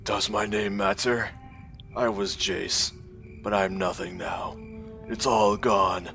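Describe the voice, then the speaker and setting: Man voicing a grief-stricken, broken man; low, slow, near-whisper. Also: steady tone, sharp tone, faint music behind, full character voice. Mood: despairing. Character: broken grieving man who lost his family.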